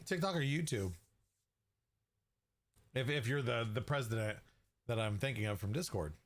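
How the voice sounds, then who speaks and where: A chatty man hosts a casual livestream, reading out viewers' names and joking with them. He talks in an easy, rambling way and laughs often at his own asides. His voice sits at an ordinary middle pitch. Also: a bit bright. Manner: chatty, laughs often, greets chat by name. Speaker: livestream host.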